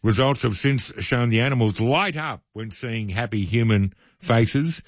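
A man's voice: mid-range voice, unhurried, no echo, lo-fi sound. A male radio host, chatting casually with jokey asides.

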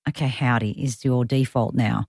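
A woman's voice: extremely low pitch, fairly even intonation, gravelly, a little mellow, dry recording, studio quality. A woman with an Australian accent hosting talkback radio, chatty and teasing, often joking with callers and her producer. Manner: chatty, teasing, quick to joke. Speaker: radio host. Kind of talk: casual talkback radio chat. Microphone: studio microphone.

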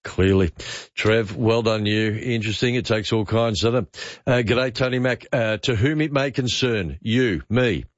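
A man in his fifties with an Australian accent, hosting talkback radio with chatty quick asides. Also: on the low side, no room sound. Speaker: radio host. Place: radio studio. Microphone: studio mic. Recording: slightly dull dry studio sound.

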